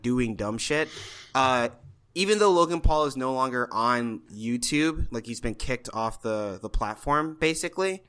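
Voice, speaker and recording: A man co-hosting a podcast, explaining things in a measured way with some fillers. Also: mid-range voice, pushed and bright. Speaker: podcast co-host. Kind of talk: casual podcast chat.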